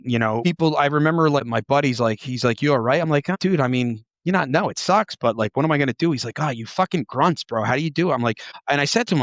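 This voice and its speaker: A man's voice: mid-range voice, a bit bright, no room sound. Man, podcast host, ex-cop, rambling storyteller, constant fillers, swears a lot, slightly dull lo-fi sound, dry room. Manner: rambling, heavy filler words, frequent swearing. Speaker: podcast host, former police officer. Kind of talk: casual podcast chat, storytelling.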